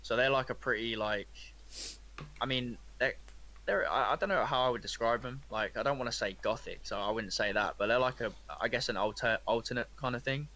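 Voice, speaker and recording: A man chats on a casual podcast at an ordinary pitch, his tone bright and forceful. He rambles along in a relaxed, easygoing way. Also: brisk. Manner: laid-back, rambling. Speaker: podcast co-host. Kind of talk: casual chat.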